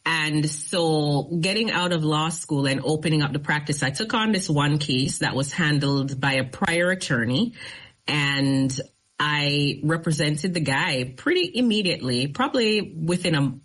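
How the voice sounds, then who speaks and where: Speaking at a measured pace in a low voice, a middle-aged attorney recounts her story as an interview guest, growing more animated and emphatic as she goes. The audio quality is poor.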